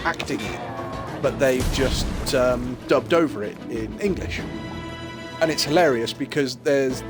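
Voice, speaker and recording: This is a man commentating live over a video game stream, his talk playful and rambling and broken up by frequent laughs. Game music plays clearly behind his voice. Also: mid-range voice.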